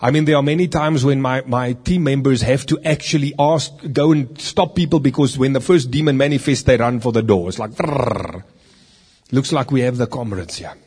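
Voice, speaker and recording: A man's voice: mid-range voice, fairly quick, few pauses, darkish tone, breathy edge. A man preaching a sermon in a conversational way, with rhetorical questions and stories from his meetings.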